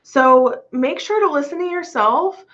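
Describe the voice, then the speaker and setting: A woman's voice: high-pitched, lively intonation, a little slow, fairly bright tone. Chatty woman on a dull lo-fi recording. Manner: chatty, laughs often, swears casually. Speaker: astrology vlogger. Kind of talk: casual chat. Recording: lo-fi dull sound.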